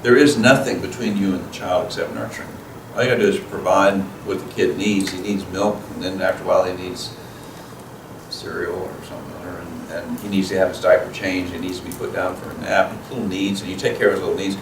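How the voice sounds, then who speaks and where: A low-voiced man teaches at a parenting seminar in a plain, conversational way, slipping into short acted exchanges between parent and child. He sounds distant from the microphone, and the room gives his voice a strong echo. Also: steady tone, a little fast. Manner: plain-spoken, acts out parent and child dialogue. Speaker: guest speaker at a parenting seminar. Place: school event room. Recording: echoey room, voice from far off, noisy.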